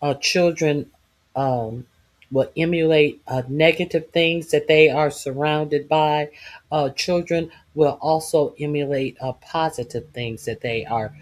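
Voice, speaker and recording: A man hosting his own channel, speaking haltingly to viewers with many pauses and uh's. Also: on the high side, fairly even intonation. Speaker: channel host. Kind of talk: slow casual commentary to viewers.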